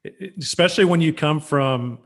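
A man's voice: a little high, a little fast. A man from Arizona adding casual asides in a chat among anglers. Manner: chiming in with asides.

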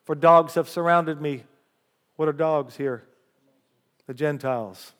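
Speaking slowly in a slightly high voice, a pastor delivers a sermon, reading scripture with mounting emphasis and lively call-and-response asides for the congregation. A long hall reverb fills the recording.

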